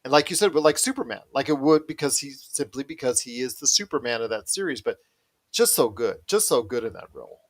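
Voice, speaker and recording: This podcast host talks a little fast, his medium-pitched voice expressive throughout. The conversation is casual, and he's enthusiastic, often saying the same things again.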